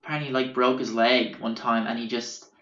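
A young Irish man hosts a podcast, casually telling stories with a medium-pitched, brisk, slightly bright voice that moves little in pitch. He rambles and swears, loaded with fillers and self-corrections, and the recording sounds roomy, dull, and lo-fi.

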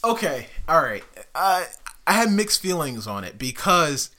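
A man co-hosting a podcast in casual chat, excitable, laughing often and swearing freely. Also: a little high, unhurried. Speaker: podcast co-host.

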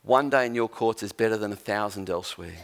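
A man's voice: lowish voice, fast, gravelly. A man preaching a sermon as a pastor, telling a Bible story with humour and acting out the lines of its characters. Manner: animated storyteller, acts out quotes.

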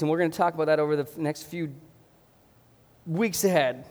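Fired-up pastor preaching in a hall. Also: male voice, fairly high pitch, fairly quick, pauses often. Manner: passionate, gets loud and fired up. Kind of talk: sermon. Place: church hall.

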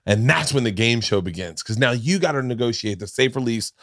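Podcast host, male, animated yarn-spinner with big vocal swings; dry, close sound. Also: brisk, no room sound. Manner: animated, acts out quotes with big pitch jumps. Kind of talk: casual storytelling chat.

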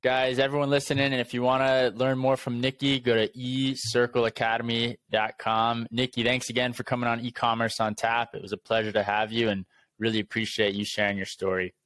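A man's voice: medium pitch, little pitch movement, brisk, a bit bright. A man hosting a podcast who gives short, encouraging reactions and then wraps up the interview. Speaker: podcast host.

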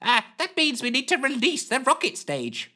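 Narrator doing a high stammering flustered captain. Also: huge pitch swings, moderate pace, bright, forceful tone, heavily acted. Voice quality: stammering, full of ums and uhs. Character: flustered fussy male rocket captain.

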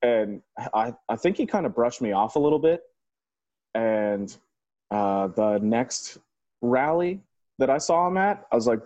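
A man's voice: mid-range voice, animated, unhurried, darkish tone, no echo. A man from South Carolina, a moped club member, talking as a guest in a laid-back way with crude slang. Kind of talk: casual interview chat.

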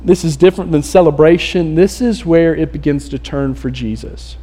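A man delivering a sermon from the pulpit with a high, light voice. He speaks casually and with lots of energy, slipping into the voices of the people in the story as he tells it. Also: normal speed, mellow. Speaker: pastor. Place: church.

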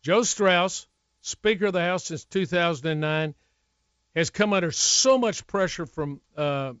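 A man's voice: sits high, measured pace, a bit bright, clean tone, no echo, lo-fi sound. Urgent older male talk radio host.

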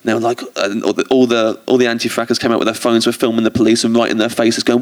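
A male comedian guest talks through rambling, self-deprecating stories, often restarting his sentences. His voice sits at a middle pitch with a gravelly, fry-edged texture. He is speaking from a theatre stage in front of a live audience. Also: level tone, fast talker, few pauses. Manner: rambling, self-mocking storytelling with frequent restarts. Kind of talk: casual chat on a live stage podcast.

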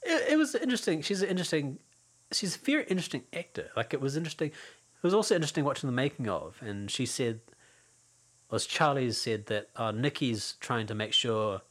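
A man's voice: medium pitch, animated, a little fast, fairly bright tone. A man co-hosting a casual film podcast, rambling and repeating himself, laughing often. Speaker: podcast co-host.

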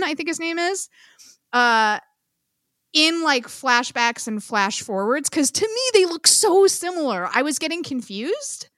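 A woman co-hosting a podcast in casual chat, animated, swearing freely and laughing often. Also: high voice, dry recording, clean studio sound. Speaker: podcast co-host.

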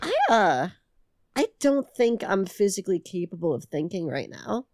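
A woman's voice: medium pitch, sing-song, moderate pace, a little mellow, dry recording, clean studio sound. Sick woman rambling in casual banter. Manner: rambling, self-deprecating, swearing. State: feeling sick. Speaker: podcast co-host, debate moderator.

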